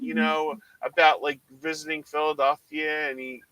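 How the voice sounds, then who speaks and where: A man's voice: on the high side, a little fast, hardly any pauses, poor audio. A man from South Jersey telling a long story in casual chat, acting out his mother's lines as a co-host. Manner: animated storyteller who acts out his mom's lines. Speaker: watch party co-host.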